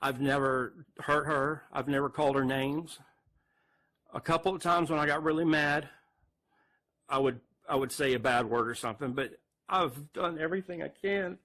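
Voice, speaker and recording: A distraught man, speaking haltingly to camera near tears and repeating himself. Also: on the high side, bright, forceful tone. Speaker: man recording a farewell video. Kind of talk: emotional direct-to-camera confession.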